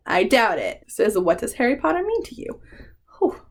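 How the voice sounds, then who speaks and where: A woman's voice: fairly high pitch, sing-song, moderate pace, gravelly, pauses often. Woman, book vlogger, casual tag video, chatty, swears freely, laughs often, emotional, rambling. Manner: emotional, fond rambling with frequent ums.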